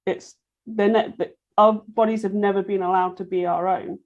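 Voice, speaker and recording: A woman's voice: mid-range voice, fairly even intonation, normal speed, a little mellow, dull audio. A woman guest on a casual podcast, speaking in an earnest, emphatic way.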